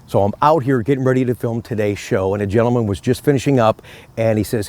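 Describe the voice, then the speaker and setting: A middle-aged man hosts his own video channel from a park, speaking outdoors. He talks in a chatty, friendly way and tells stories easily. His voice sits at an ordinary pitch for a man. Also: fairly quick, a little mellow. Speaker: car salesman and channel host. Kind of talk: casual outdoor vlog talk.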